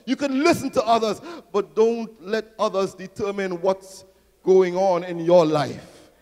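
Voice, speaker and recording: High-voiced preacher in a big church hall. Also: male voice, a little slow. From Trinidad and Tobago. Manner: rousing preaching, swells to near-shouting, call-and-response questions. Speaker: pastor. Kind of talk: sermon.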